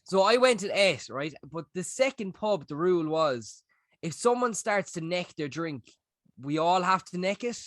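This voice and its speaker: Young Irish male podcast co-host, animated sweary storyteller, slightly high voice, dry sound. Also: moderate pace, no echo. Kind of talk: casual chat.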